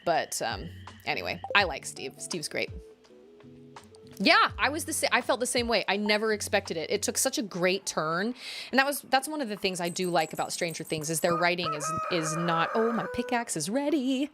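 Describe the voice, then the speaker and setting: Chatty woman gamer talking while she plays, animated up-and-down delivery, soft music behind. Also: on the low side. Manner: chatty, rambling, many "like"s, quick laughs. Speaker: game streamer. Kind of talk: casual chat while playing.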